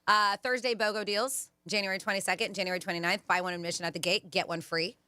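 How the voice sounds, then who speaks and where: A woman hosting a radio show, chatting casually and reading out event deals with quick asides. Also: medium pitch, fairly even intonation, bright, forceful tone, no echo. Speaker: radio host.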